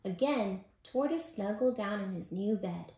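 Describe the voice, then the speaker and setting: Expressive, unhurried woman reading a bedtime story. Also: medium pitch. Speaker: preschool teacher. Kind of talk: storybook read-aloud. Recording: roomy echo.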